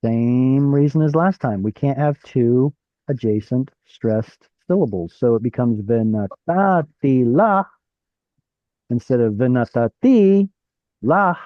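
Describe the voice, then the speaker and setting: A man's voice: medium pitch, a little slow, no room sound, dull audio. A man teaching an online Hebrew class, explaining while thinking aloud and asking his students questions. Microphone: video call.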